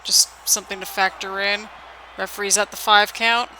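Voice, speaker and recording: A YouTuber giving solo play-by-play for a wrestling video game on a headset mic, keeping the voice low because it is late at night. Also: level tone, normal speed, slight background noise, poor audio. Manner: keeps the voice low and hushed for late-night recording; hype play-by-play with frequent "people" call-outs. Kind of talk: solo game commentary in a wrestling announcer manner.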